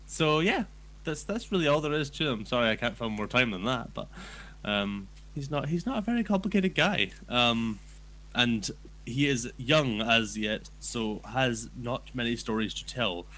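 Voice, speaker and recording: A man playing in a tabletop game, explaining his character with many pauses and apologies. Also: medium pitch, lively intonation, pushed and bright, rough recording. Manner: hesitant, full of ums and apologies. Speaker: player. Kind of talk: casual chat at a tabletop game.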